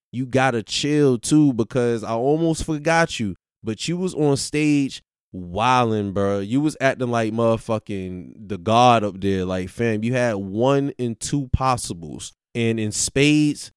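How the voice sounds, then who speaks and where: A man's voice: medium pitch, smooth, no room sound, studio quality. A man giving a casual, slangy, disappointed rant about a music battle, chuckling now and then. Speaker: commentator.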